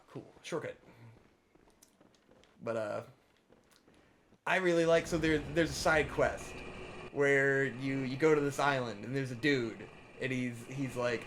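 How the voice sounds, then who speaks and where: A young man co-hosting a let's play, giving casual gameplay commentary in a profane, ranting way that swings from mumbling to shouting. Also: mid-range voice, slight background noise.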